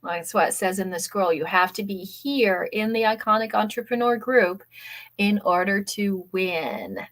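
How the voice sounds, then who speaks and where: A woman hosting a live online workshop, talking in a chatty, energetic way and often checking in with "okay?". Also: medium pitch, measured pace. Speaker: workshop host. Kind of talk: live-stream workshop talk.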